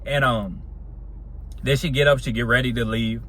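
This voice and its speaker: A man's voice: mid-range voice, fairly even intonation, normal speed, fairly bright tone, slight background noise. A young man telling a casual storytime monologue in a slangy, laid-back way, laughing often.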